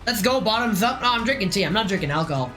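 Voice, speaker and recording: A woman's voice: medium pitch, fairly bright tone, low-quality recording. A woman live-streaming a game, chatting in a joking, profane, rambling way. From United States. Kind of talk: casual live-stream chat while playing a game.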